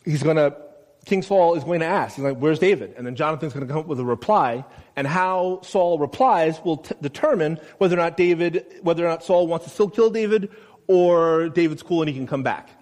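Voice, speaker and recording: A man preaching a sermon in a conversational way, asking his listeners questions and loudly acting out the quotes he reads. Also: fairly high pitch, fairly quick. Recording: long reverb of a large room.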